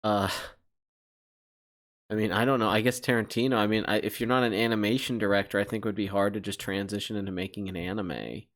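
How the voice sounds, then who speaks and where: A man's voice: on the low side, steady tone, fast, fairly bright tone. A man hosting a casual livestream, rambling through chat questions with profane joking accusations. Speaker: channel host.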